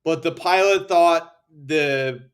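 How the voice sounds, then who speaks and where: An American man in his thirties telling stories casually on a podcast, animated and acting out quoted lines. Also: takes it slowly, clear, resonant tone. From United States. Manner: animated, acts out quotes with rising pitch. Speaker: podcast guest. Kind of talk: casual storytelling.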